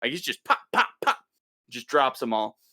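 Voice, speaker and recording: In clean, dry studio sound, a podcast co-host with a medium-pitched voice talks fairly quickly. He casually recaps an episode in an animated way, acting out the characters' lines as he goes.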